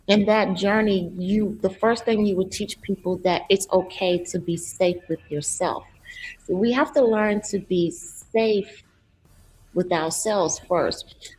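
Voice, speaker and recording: A woman's voice: medium pitch, poor audio. A woman hosting an interview as a coach over a video call. She speaks in an affirming way and keeps murmuring agreement. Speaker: host and coach. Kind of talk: casual interview chat.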